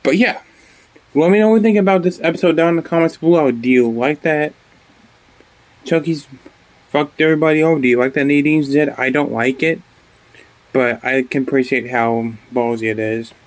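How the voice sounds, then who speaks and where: A man's voice: fairly high pitch, normal speed. A man giving a casual vlog review, rambling and profane, often restarting his sentences and getting worked up. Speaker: TV show reviewer.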